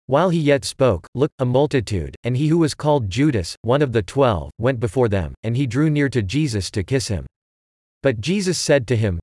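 A man reading scripture aloud in steady, measured, unhurried phrases. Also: medium pitch, no room sound, clean studio sound. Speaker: scripture reader.

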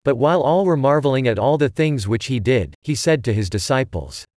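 A man giving a measured, even reading of scripture. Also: medium pitch, no room sound, studio quality. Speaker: scripture reader.

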